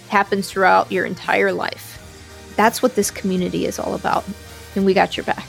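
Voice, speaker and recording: A woman's voice: mid-range voice, flat delivery, moderate pace, gravelly, faint music behind. A woman hosting a podcast, interviewing a guest and reading the show's outro in an encouraging, upbeat way. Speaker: podcast host.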